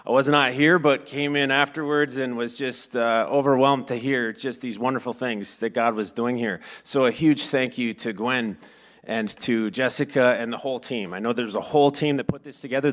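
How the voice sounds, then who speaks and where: A man leading a church service, praying earnestly and giving relaxed announcements. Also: mid-range voice, moderate pace. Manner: earnest, prayerful, relaxed asides. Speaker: worship leader.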